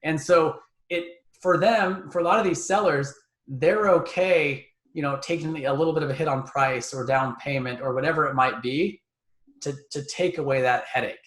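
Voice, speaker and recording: A man's voice: fairly high pitch, moderate pace, fairly bright tone, echoey room. A man guest on a podcast interview, talking through ideas conversationally and often repeating words as he thinks. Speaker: guest, real estate investor.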